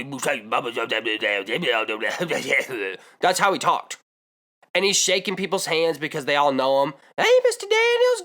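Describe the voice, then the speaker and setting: A man's voice: fairly high pitch, a bit bright. A young man vlogging, telling a comedic story with exaggerated asides and rambling digressions.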